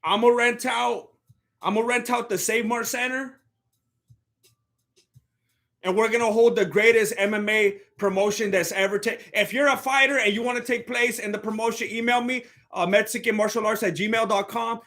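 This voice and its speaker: Streamer host, young man, bright and edgy tone, rambles and restarts as he riffs on the fights. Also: sits high, fairly even intonation, normal speed. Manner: rambling, joking, self-interrupting. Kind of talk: casual live-stream fight commentary.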